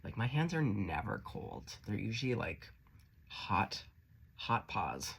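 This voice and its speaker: A man's voice: fairly low pitch, sing-song, slow, gravelly, fairly bright tone, breathy edge. A man giving a casual tarot reading, chatty and encouraging, swearing freely. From Canada. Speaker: tarot reader.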